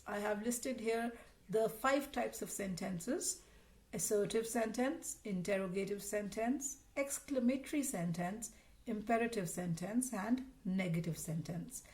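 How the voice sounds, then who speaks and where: A woman's voice: mid-range voice, a little slow, a little mellow. A woman teaching a recorded grammar lesson, explaining patiently and reading out example sentences.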